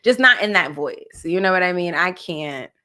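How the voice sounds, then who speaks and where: A woman from New Jersey hosting a casual pop culture podcast, animated and playful, sometimes slipping into jokey made-up song parodies. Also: on the low side, normal speed. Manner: animated, playful, breaks into sung parody bits. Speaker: podcast host.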